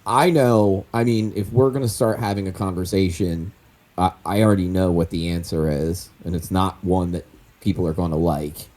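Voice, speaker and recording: A man's voice: deep voice, steady tone, normal speed, darkish tone. A man playing a tabletop role-playing game, decisive and laying out his plans step by step. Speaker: player.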